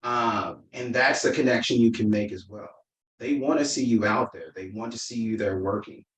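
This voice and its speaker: A man's voice: lowish voice, moderate pace, a bit bright. Earnest man, storytelling, roomy distant sound. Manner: earnest storyteller, loose rambling sentences. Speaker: former political candidate, guest. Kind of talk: casual interview conversation.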